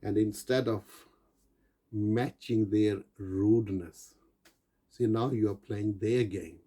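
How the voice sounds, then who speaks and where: A man's voice: fairly low pitch, fairly even intonation, slow, mellow. A man giving an earnest motivational talk, coaching his listeners and calling them guys. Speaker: self-help speaker.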